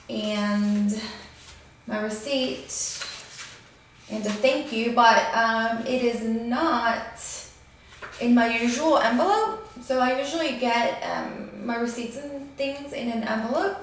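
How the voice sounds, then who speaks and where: A woman's voice: fairly high pitch, slight background noise. A woman talking through an unboxing vlog in a casual, annoyed, complaining way, with many fillers. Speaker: vlogger. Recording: very echoey room, voice from a distance.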